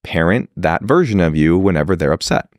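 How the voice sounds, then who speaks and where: A man with a fairly low voice talks as a podcast guest, blunt and animated, with a lot of rise and fall in his speech. He swears freely and slips into acting out other people's words. The sound is dry and close, with no room echo. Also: fairly quick. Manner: animated, acts out quoted dialogue, swears freely. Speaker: podcast guest, leadership mentor. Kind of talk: casual podcast conversation.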